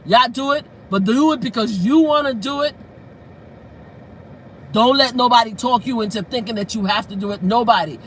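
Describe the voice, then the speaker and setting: A woman's voice: on the high side, moderate pace, a little hiss or hum, rough recording. Outspoken woman on a casual livestream. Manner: outspoken and animated, swears freely; breaks into laughter while storytelling. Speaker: livestream host. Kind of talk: casual live-stream talk.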